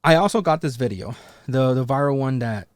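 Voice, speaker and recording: A man's voice: lively intonation, fairly quick, no room sound. A man hosting a casual commentary vlog, rambling with many fillers and restarts, and talking straight at his followers with a challenging edge. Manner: rambling and loose, full of fillers and restarts, pitch rising on emphatic points; talks directly to his followers, challenging them. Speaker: commentary channel host.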